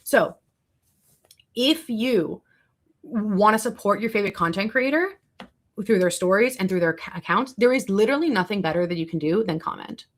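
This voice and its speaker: A woman's voice: medium pitch, animated, normal speed. A young woman chatting on her livestream in a rambling, casual way, reading and answering her chat as she goes. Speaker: livestreaming content creator.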